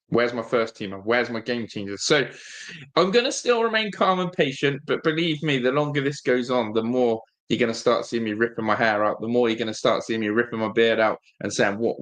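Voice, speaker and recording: A man hosting a live fan stream, chatting casually and reading out the chat. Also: medium pitch. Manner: rambling, animated, reads chat aloud. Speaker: fan channel host.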